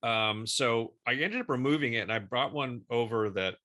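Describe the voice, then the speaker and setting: Give me a middle-aged man podcast co-host with a bright, forceful voice, chatty and hesitant. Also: mid-range voice, moderate pace. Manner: laughs easily, hesitant fillers. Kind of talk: casual podcast chat.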